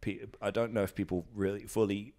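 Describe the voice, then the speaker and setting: A man's voice: fairly low pitch, steady tone, a little fast, warm tone. A British man talking at home in an interview, rambling with lots of fillers and acting out what people said. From Britain. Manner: rambling, many fillers and restarts, acts out quotes. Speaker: guest, professional wrestler. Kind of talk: casual interview storytelling. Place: at his house.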